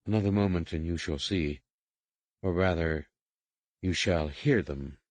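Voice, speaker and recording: A curt, commanding woman overseer gives orders in short, measured sentences, as a male audiobook narrator reads her. The voice sits low, and the studio sound is close and dry. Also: dry recording. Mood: stern, instructing. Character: stern female alien slave overseer, curt. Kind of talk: audiobook character reading.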